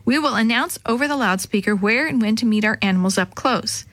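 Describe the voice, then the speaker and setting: A woman voicing a friendly ticket-counter clerk who speaks in a brisk, welcoming way. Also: a little high, a bit bright, no echo, natural voice. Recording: dry close sound.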